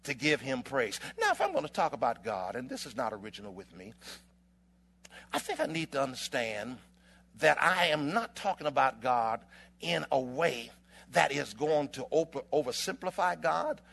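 Very animated and creaky, this preacher's mid-range voice drives an impassioned sermon that climbs to shouts. He holds dramatic pauses and speaks in rhythmic, alliterative phrases.

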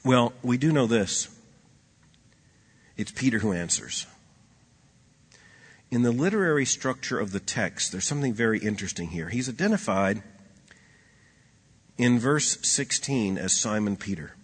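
Man, preacher, sermon, husky voice, long hall reverb, loud emphasis then hushed asides. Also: lively intonation, measured pace, pauses often. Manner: swings between loud emphatic lines and hushed low asides.

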